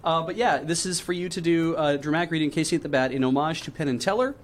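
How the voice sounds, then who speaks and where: Brief: male host, slightly high voice, easygoing chat, faint room ambience. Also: fast, a little hiss or hum. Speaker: stream host. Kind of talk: casual chat.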